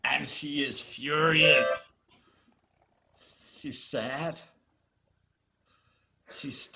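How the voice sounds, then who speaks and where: Animated male storyteller, bright and slow, halting restarts, video call. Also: a little high, low-quality recording. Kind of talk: myth storytelling.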